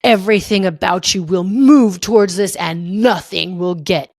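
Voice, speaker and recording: A woman putting on the voice of God as a booming, solemn man who speaks slowly and grandly. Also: darkish tone, dry recording, clean studio sound. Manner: slow, grand pronouncements.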